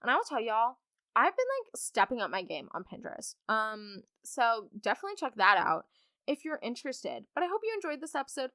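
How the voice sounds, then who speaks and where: A young woman host chats through listener stories, bubbly and giggly, with plenty of likes and ums. Her voice is bright and a little high, swooping up and down. It is recorded close in a dry, dead room. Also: big pitch swings, a little fast, dry recording. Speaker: podcast host. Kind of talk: casual storytime chat.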